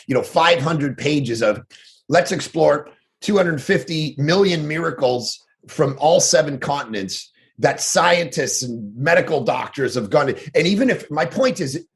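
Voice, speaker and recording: This podcast guest, a male pastor and author, has a fairly high voice with vocal fry. His talk is relaxed, his stories lively, and he frequently restarts or darts into brief asides.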